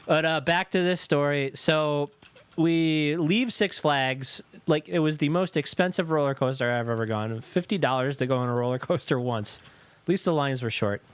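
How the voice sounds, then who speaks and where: Profane storytelling man, fairly high voice. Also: moderate pace, clean tone, dry recording. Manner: profane, animated, acts out quoted voices. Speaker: podcast co-host. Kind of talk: casual chat, storytelling.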